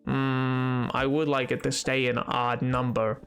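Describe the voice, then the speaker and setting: A man's voice: mid-range voice, little pitch movement, measured pace, fairly bright tone, faint music behind. A man streaming a game, chatting casually with his viewers in a rambling, jokey way that keeps tripping over its own words. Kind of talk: casual live-stream chat.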